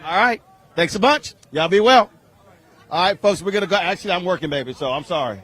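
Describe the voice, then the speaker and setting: Upbeat, high, bright-voiced male reporter. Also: lively intonation, a little fast. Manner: upbeat, familiar, teasing. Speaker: event reporter. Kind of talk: roving interviews at an outdoor event. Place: outdoor crowd.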